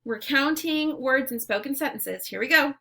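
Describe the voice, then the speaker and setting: A woman teacher leading a phonemic awareness lesson, saying words and sounds slowly and clearly, with short words of encouragement between drills. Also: sits high, lively intonation, sharp tone. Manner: slow, clearly enunciated drills.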